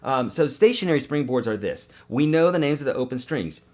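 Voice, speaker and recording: A man teaching guitar on a live webcast, upbeat and quick, singing note names now and then, with his morning voice. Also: medium pitch, animated, a little mellow.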